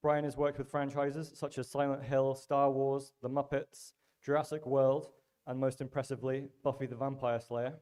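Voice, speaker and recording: A man's voice: medium pitch, little pitch movement, moderate pace, hardly any pauses, a little mellow, clear, resonant tone. Man hosting a live industry event. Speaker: event host. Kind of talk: announcements and speaker introduction. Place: event venue with a bar.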